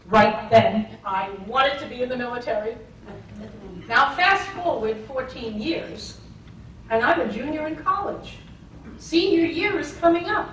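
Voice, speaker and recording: Slow, high-voiced older woman storyteller. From Massachusetts. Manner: expressive, acting out scenes, wry. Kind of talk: told personal story. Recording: echoey room, far from mic, faint noise.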